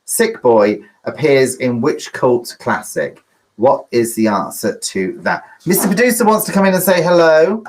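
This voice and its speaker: A man's voice: mid-range voice, big pitch swings, measured pace, rough recording. A man hosting a live online pub quiz, chatty and rambling, with lots of flustered asides. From United Kingdom.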